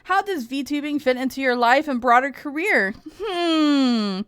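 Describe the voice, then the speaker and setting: A woman's voice: high-pitched, lively intonation, moderate pace, a bit bright, no room sound. A woman streamer in casual, sarcastic livestream commentary, rambling and giggling often.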